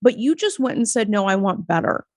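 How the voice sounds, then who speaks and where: A woman's voice: medium pitch, sing-song, a little fast, dry recording. This is an American woman hosting a podcast, her voice a bit nasal and her delivery emphatic and encouraging. The sound is dry and close, with no room around it. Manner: emphatic and encouraging, with casual swearing. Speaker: podcast host. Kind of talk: podcast interview.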